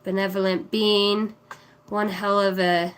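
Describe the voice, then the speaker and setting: A woman's voice: medium pitch, flat delivery, slow pace. A woman in her thirties, a psychic card reader on a livestream, chatting casually and affectionately as she reads out viewers' names. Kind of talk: casual livestream chat reading comments.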